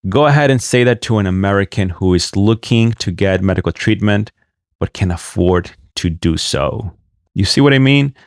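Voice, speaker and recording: A fairly low-pitched man talks through video clips and translates them as he goes. His tone is mocking and sarcastic, and he jabs at what he has just relayed. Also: expressive, normal speed, dry recording, clean studio sound. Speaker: online commentator.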